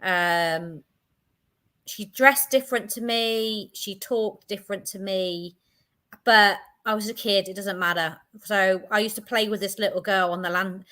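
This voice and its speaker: A woman, a guest in a casual chat, easygoing and quick to laugh. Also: mid-range voice, bright, forceful tone. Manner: giggly, easygoing. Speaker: guest, medium and holistic therapist.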